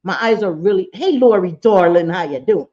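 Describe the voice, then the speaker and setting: A woman's voice: mid-range voice, expressive, normal speed, warm tone. A woman hosting a livestream, chatting casually in a mid-range voice. She talks bluntly and swears a lot, and breaks off to greet viewers by name. The audio is dull and lo-fi. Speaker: livestream host.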